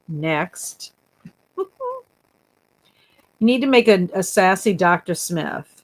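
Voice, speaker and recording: Slow-talking giggly woman streamer. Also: fairly low pitch, lively intonation, creaky. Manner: giggly, reads chat comments aloud and teases viewers. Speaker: booktube livestream host. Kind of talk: casual livestream chat.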